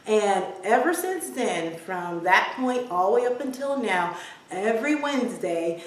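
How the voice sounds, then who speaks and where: A woman's voice: medium pitch, animated, unhurried. A woman in her forties telling a family story to her vlog audience in a chatty way, with filler words. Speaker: vlogger. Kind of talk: casual storytelling to camera. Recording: very echoey room, distant mic.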